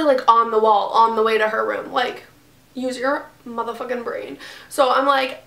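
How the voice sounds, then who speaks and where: A woman's voice: a little high, fairly even intonation, moderate pace, gravelly, sharp tone, reverberant. Exasperated, profane young woman vlogger. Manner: profane, exasperated retelling with acted quotes. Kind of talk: casual storytime.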